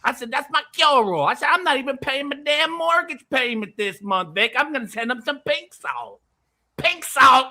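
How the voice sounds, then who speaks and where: A rowdy country peddler, as a man puts him on, pitched way up and pushing hard. He rants and hollers about his cure-all with a bright, gravelly bite. He talks over everyone. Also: expressive, normal speed, exaggerated voice. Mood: ranting. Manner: rowdy, ranting, pushy. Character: loud rural man selling a cure-all.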